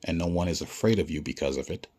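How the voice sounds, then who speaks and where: A man's voice: low-pitched, fast, darkish tone, slightly rough. A man giving a blunt, profane ranting monologue, lecturing the listener and repeating himself for emphasis. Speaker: vlogger.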